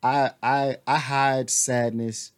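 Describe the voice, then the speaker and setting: This podcast co-host speaks in a smooth, mid-range voice with a level tone, taking his time. In casual chat he teases his friend and laughs often, then turns reflective and talks frankly about his feelings.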